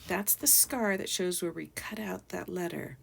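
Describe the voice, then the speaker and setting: A woman's voice: fairly low pitch, moderate pace, gravelly, slightly rough. A woman teacher giving a patient phonics lesson to young children, sounding out letters and syllables one by one.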